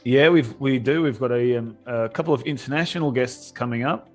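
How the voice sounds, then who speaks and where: A man's voice: medium pitch, fairly quick, faint music behind. Chatty man telling a rambling story. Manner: rambling storyteller, laughs often. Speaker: podcast host. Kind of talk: casual chat.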